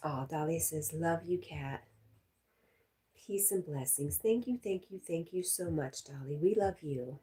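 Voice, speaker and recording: A woman with a notably low voice chats easily on a live stream. She reads out viewer comments in a relaxed, talkative way and laughs often. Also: measured pace. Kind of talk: casual live-stream chat reading comments.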